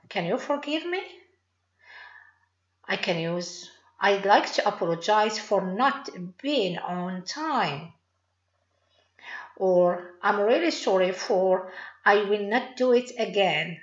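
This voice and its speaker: A woman with a Moroccan accent, a native Arabic speaker, teaching an online English lesson in a slow, deliberate way and praising her learners. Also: mid-range voice, expressive. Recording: roomy echo.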